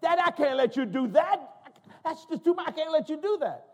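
A man's voice: very high-pitched, expressive, brisk, in a large hall, pitched above the performer's own voice. An older man voicing his grown daughter, who gushes and insists she can't accept a gift. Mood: flustered protest. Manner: gushing, insistent refusals. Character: adult daughter, excited and protesting.

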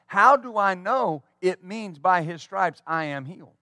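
A man's voice: high-pitched, lively intonation, a little slow, few pauses, sharp tone, dry recording, clean studio sound. A male pastor preaching a sermon fervently, with call-and-response asides to the congregation.

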